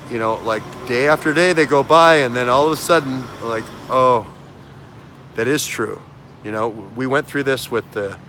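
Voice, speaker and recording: A man's voice: mid-range voice, fairly bright tone, slight background noise. A man hosting a casual political talk show, rambling with many fillers, restarts and repetitions. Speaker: host.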